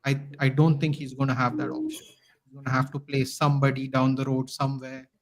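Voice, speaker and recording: A man as a guest on a podcast, talking in a casual, animated, ranting way. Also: mid-range voice, fairly quick, poor audio. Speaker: guest fan commentator.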